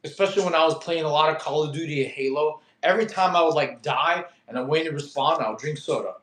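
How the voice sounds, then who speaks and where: A young man hosting a casual fitness livestream and answering viewer questions, animated and slangy, telling stories and calling listeners bro and dude. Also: on the high side, fast, roomy sound.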